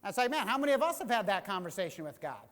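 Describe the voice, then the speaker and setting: A man preaching a sermon as pastor. He gets animated and acts out the voices of the people he quotes. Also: high-pitched, racing, in a large hall. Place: church sanctuary.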